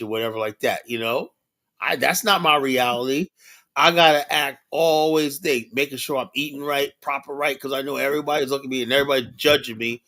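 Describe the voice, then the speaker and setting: A man's voice: mid-range voice, fairly quick, bright, forceful tone. A man hosting a livestream show, talking bluntly and casually in a rambling monologue, often adding "you know.".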